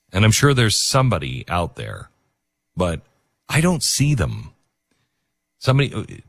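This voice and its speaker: A man's voice: deep voice, no echo. A man hosting a talk radio show, rambling in casual commentary with many fillers and restarts.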